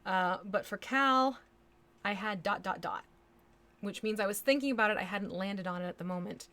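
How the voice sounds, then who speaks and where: A woman's voice: medium pitch, steady tone, fairly quick, a bit bright. Chatty woman painting on a livestream. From United States. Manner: chatty, thinks aloud, hums nonsense syllables. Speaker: miniature painting livestream host. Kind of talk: casual chat while painting live.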